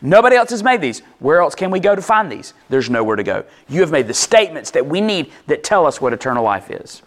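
A man delivering a sermon as a conversational teaching talk. His voice sits a little high for a man. He restarts and repeats words as he explains, and keeps asking whether his listeners are still with him. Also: very animated, fast talker. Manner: conversational, checks in with listeners often. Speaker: pastor.

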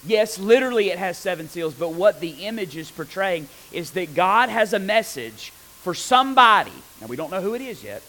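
A man preaching a conversational sermon on scripture, animated and often asking his listeners rhetorical questions. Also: high-pitched, normal speed, low-quality recording.

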